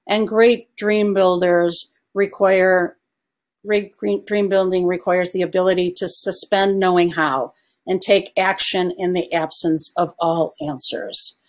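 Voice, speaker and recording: A woman's voice: lowish voice, steady tone, slow pace. A woman success coach giving an online coaching presentation, asking her audience questions and inviting replies in the chat.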